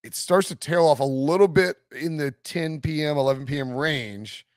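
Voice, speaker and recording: A man's voice: a little high, normal speed, dry recording, clean studio sound. A man hosting a sports betting podcast, joking and laughing often in casual chat. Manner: animated, joking, laughs often, mock voices. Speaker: podcast host.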